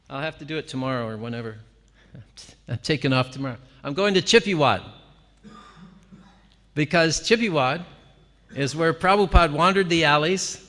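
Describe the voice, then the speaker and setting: A man with a fairly high, bright, forceful voice delivers an animated devotional talk to a gathering. He speaks with lively exclamations and easy laughter. His words ring out with a long reverb in a temple hall.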